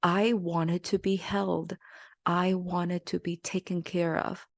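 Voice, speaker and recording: A woman hosting her own podcast, talking in an earnest, gentle and confessional way. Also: on the low side, little pitch movement, slow, no echo. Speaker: podcast host. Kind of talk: reflective podcast monologue.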